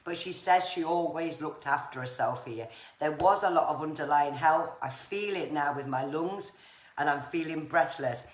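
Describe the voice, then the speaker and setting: Low-voiced woman giving psychic readings. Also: moderate pace. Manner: chatty, reassuring, says viewers' names often. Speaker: psychic medium. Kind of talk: live-stream spirit readings. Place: home room on a live stream. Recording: echoey room with faint noise.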